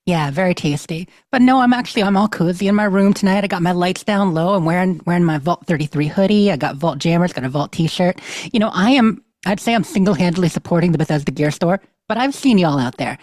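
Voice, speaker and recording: Woman podcast co-host, upbeat chatter, lowish voice, dry home recording. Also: expressive, quick pace, hardly any pauses, a little mellow, no room sound. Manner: chatty, upbeat, laughs easily. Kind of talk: casual podcast chat. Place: her bedroom at home.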